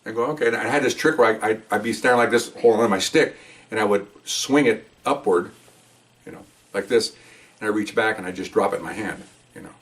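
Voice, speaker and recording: A man's voice: lowish voice, a little fast, distant mic. An older man, a retired police officer, animatedly telling a personal story and acting out the scene. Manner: animated, acts out the scene with gestures.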